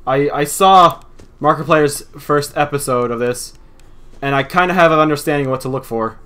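A man's voice: on the high side, moderate pace, sharp tone. A young man hosting a horror game let's play, talking nervously to himself and to the game. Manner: nervous, jittery, talks to the game. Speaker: gaming channel host.

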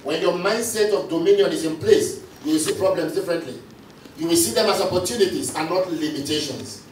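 A male pastor with a slightly high voice preaches briskly, calling out lines and repeating them for the congregation's response. Faint noise and a far-off, echoey hall sound mark the recording.

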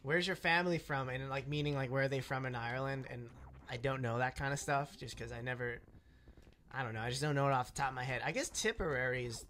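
A man's voice: mid-range voice, fast, fairly bright tone, slight background noise. A man co-hosting a gaming stream, chatting in a laid-back, easygoing way with lots of filler words. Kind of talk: casual chat.

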